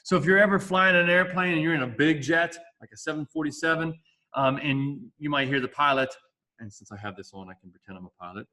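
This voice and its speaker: A man's voice: fairly high pitch, fast, sharp tone. A male science teacher giving a casual, jokey classroom lecture with asides.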